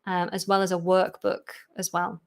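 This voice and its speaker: A woman is teaching English on a live stream, reading out viewers' questions from the chat. She answers them in a loose, chatty way, with fillers and quick asides along the way. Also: fairly low pitch, little pitch movement, gravelly, clean tone.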